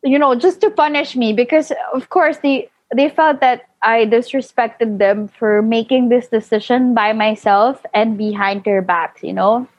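A young woman telling a personal story in casual chat, full of fillers and animated quoting. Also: a little high, measured pace, few pauses, no echo. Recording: dull lo-fi, dry.

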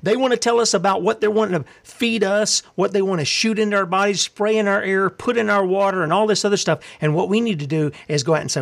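Fiery, somewhat high-voiced male preacher. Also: fairly even intonation, fast talker, vocal fry, few pauses. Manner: fiery, confrontational preaching with rhetorical questions; reads scripture aloud. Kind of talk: sermon.

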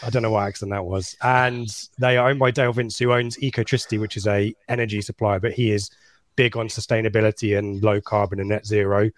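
A man's voice: on the low side, little pitch movement, fast. A man hosting a casual football podcast, chatty and rambling, laughing at his own slips. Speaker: podcast host.

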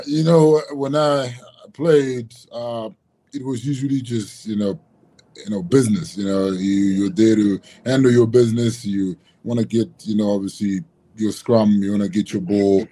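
A man talking casually as a podcast guest, relaxed, laughing often and leaning on "you know" fillers. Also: on the low side, moderate pace. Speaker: guest, former rugby prop.

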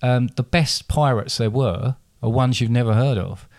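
Brief: male podcast host, mid pitch, rambling explainer, dry close mic. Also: moderate pace, vocal fry, a little mellow, dry recording. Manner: rambling, self-correcting, chatty. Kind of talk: casual podcast chat.

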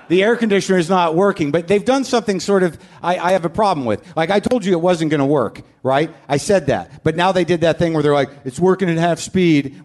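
A man hosting a live comedy podcast in front of an audience, ranting in a profane, self-deprecating way. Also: high voice. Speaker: host. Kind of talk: live stand-up podcast monologue.

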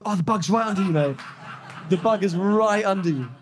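Chatty man, higher voice. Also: brisk, a little hiss or hum. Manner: chatty, laughing, jokey storytelling. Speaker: podcast co-host. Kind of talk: casual chat before a live audience.

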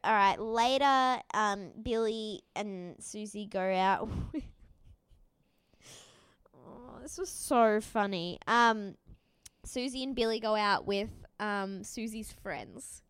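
A woman co-hosting a casual chat, recapping a show with animated storytelling, acting out quoted lines and swearing freely. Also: medium pitch, slow pace, smooth, no echo. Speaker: podcast co-host.

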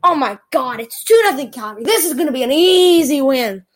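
A woman excitedly recapping a hockey game in a playful, teasing monologue, exclaiming often. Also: high-pitched, a little fast, low-quality recording.

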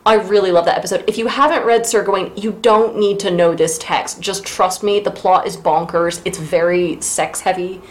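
A woman with a slightly low voice co-hosts a book podcast. She talks in casual chat and drops dry, sardonic asides. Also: fairly even intonation. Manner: wry, sardonic, quick asides. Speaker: podcast co-host.

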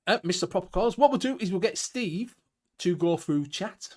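Chuckling northern English man, higher voice. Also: lively intonation, moderate pace, a little mellow. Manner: swears freely, chuckles often. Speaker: host. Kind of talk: casual livestream chat.

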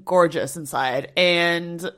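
Woman, casual travel chat, animated storyteller, acts out quotes. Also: on the low side, slow. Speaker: podcast co-host.

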